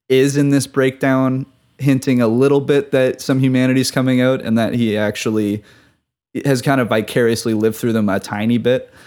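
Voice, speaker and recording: A man's voice: medium pitch, a little mellow. A man with a mid-range voice talks casually on a podcast about a film. He reflects on the character thoughtfully and laughs often along the way. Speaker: podcast panelist.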